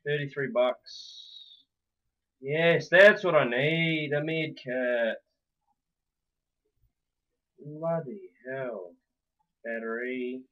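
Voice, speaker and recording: A man giving casual let's-play commentary, swearing often and swinging between low muttering and loud outbursts. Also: very slow, pauses often, lo-fi sound. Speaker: gameplay commentator.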